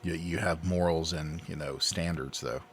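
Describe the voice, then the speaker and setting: Low voiced guy on a podcast, dry deadpan one-liners. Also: normal speed, husky. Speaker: podcast co-host. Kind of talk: casual comedic podcast banter.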